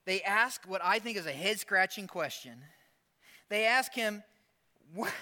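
Male pastor, animated sermon delivery, high and bright. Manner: animated, acts out Bible characters in quick asides.

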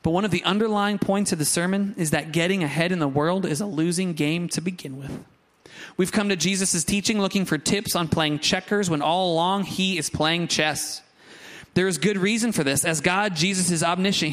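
A man preaching a sermon, lively and conversational, with asides to the congregation. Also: sits high, a little fast. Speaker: pastor.

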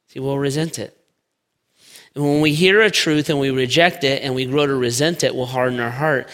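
A man preaching in a church sanctuary. His voice is bright and a little high, and he slows down to land his key points. Long reverb from the hall trails behind his words. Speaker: pastor. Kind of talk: sermon.

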